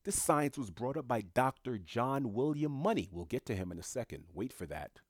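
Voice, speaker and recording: A man's voice: mid-range voice, expressive, normal speed, dry recording, studio quality. A man giving an opinion monologue, lecturing, firing off rhetorical questions and answering them himself with emphatic repetition. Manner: emphatic repetition, punchy short phrases. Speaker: commentator.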